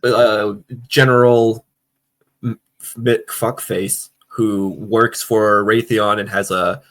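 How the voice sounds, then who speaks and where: A man's voice: lowish voice, flat delivery, slow, fairly bright tone. A man co-hosting a casual political podcast, ranting heatedly and swearing often. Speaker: podcast co-host.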